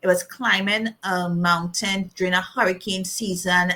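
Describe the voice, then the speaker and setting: Bright-voiced woman telling her story. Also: lowish voice, normal speed, hardly any pauses. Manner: animated, laughs often, acts out quoted voices. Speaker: guest. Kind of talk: personal storytelling in an interview.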